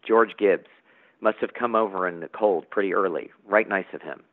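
A man reading aloud as a brisk, matter-of-fact country mother, raising his voice for her. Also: sits low, lightly acted. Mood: fond, bossy. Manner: brisk, bossy. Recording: tinny phone-like line.

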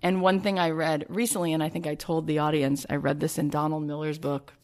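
A woman hosts a relaxed interview, her voice sitting a little low for a woman. She tells stories with energy and acts out the lines people said to her. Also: brisk. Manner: animated storytelling, retelling dialogue. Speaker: podcast host. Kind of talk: conversational interview.

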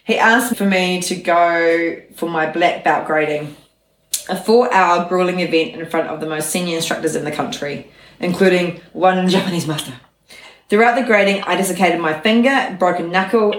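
A woman with a fairly low voice reads a memoir aloud for her podcast audience. Her delivery is steady, with casual asides slipped in between passages. The room around her is echoey. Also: normal speed. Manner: steady reading voice broken by chatty laughing asides.

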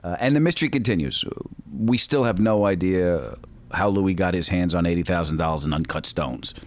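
A man's voice: low voice, brisk. A young man hosting a podcast, joking playfully while chatting and narrating. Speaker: podcast host. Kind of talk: casual chat and show narration.

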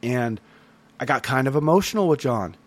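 A man hosts a casual solo podcast recap with a mid-pitched voice. He talks earnestly and rambles, circling back through plenty of fillers and restarts. The tone is a relaxed one-man chat. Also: normal speed, no echo. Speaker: podcast host.

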